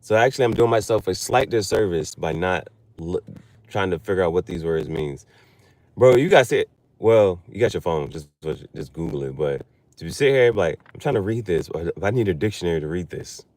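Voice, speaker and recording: Low-voiced guy, aave, rambling loose vlog talk, pitch jumps all over. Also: expressive, fairly quick, darkish tone, dry recording. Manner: rambling, loose, with many restarts and fillers; spells out unfamiliar words letter by letter. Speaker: vlogger. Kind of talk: casual chat while reading.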